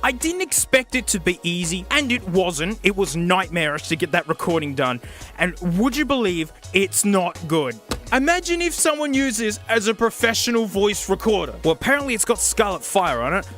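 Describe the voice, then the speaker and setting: A man reviewing a gadget in a casual vlog, excitable and sarcastic. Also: sits high, normal speed, soft background music. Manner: excitable and sarcastic, laughs often.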